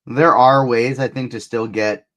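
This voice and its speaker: A man hosting a fantasy football live stream in casual chat, brisk and organized as he leads the show. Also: medium pitch, steady tone, fairly bright tone. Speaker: fantasy sports show host.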